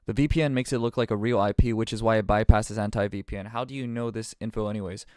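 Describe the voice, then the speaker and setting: A man's voice: on the low side, quick pace, dry recording, studio quality. A young man streaming live, reacting casually in slang and calling everyone bro, now and then swearing. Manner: slangy, says bro constantly, swears, excitable.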